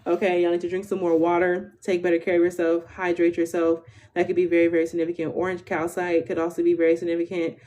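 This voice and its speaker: A woman's voice: lowish voice, completely flat delivery, fast talker, dark tone. A woman in her twenties giving a casual live tarot reading, chatty and slangy, tagging nearly every phrase with "okay?". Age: 20s. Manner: slangy, informal delivery. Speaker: tarot reader.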